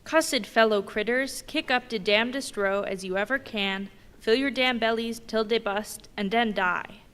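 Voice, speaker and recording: A woman reading the lines of a testy ninety-year-old male ship's cook in a gruff, muttering dialect. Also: a little high, normal speed, fairly bright tone, voice pushed up, close to an everyday voice. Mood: cursing. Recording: long reverb in a big hall.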